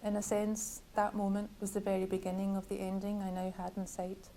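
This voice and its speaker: A woman author reading from her own novel at a bookshop event, measured and wryly literary. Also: medium pitch, completely flat delivery, creaky, mellow, a little hiss or hum, low-quality recording.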